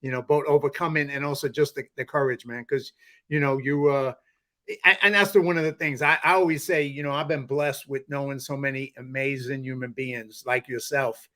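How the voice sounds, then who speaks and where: A man's voice: mid-range voice, steady tone, a little fast, bright, forceful tone. A man hosting a podcast interview, rambling and heartfelt, with lots of restarts and "you know"s. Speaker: podcast host. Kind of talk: casual interview chat.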